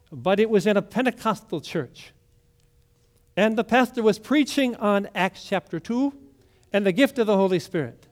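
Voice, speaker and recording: Slow-paced, higher-voiced male preacher. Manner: storytelling with dramatic loud quotes and sung hymn lines. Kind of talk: sermon.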